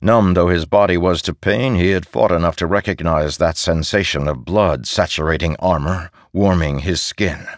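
A man giving measured, steady scripted narration as an audiobook narrator. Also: low voice, dry recording. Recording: dry close studio sound.

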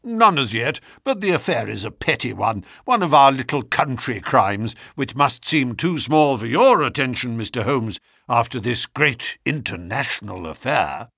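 A man's voice: mid-range voice, very animated, normal speed, creaky, few pauses, pushed and bright, breathy edge, dry recording, clean studio sound, exaggerated voice. A man voicing a genial older country colonel, talking in a matter-of-fact way.

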